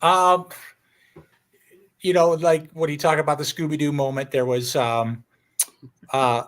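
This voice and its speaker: A man's voice: on the high side, steady tone, unhurried, fairly bright tone. A man, a paranormal investigator, speaking hesitantly on a casual podcast. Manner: hesitant, searching for words.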